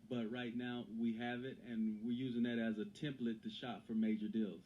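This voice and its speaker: A man's voice: mid-range voice, little pitch movement, moderate pace, narrow, tinny audio. A man as an interview guest and author, talking earnestly in casual conversation, often repeating phrases and restarting.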